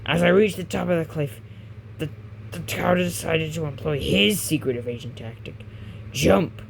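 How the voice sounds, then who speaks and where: A reader putting on a gruff, gravelly pirate-like fisherman who tells a tale with stumbles and self-corrections. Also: mid-range voice, moderate pace, a little hiss or hum, rough recording. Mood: grumbling.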